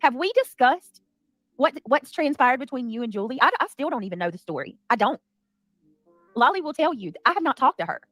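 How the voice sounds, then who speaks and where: A woman hosting a heated livestream, talking fast and defensively with many restarts. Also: high voice, sing-song, fairly bright tone, no room sound, soft background music. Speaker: livestream commentary host. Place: home.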